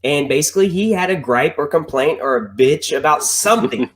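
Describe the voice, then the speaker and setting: A man hosting a podcast, telling old radio stories in an animated way and swearing freely. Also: a little high, a little fast. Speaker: podcast host, former morning radio host. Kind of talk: casual podcast conversation.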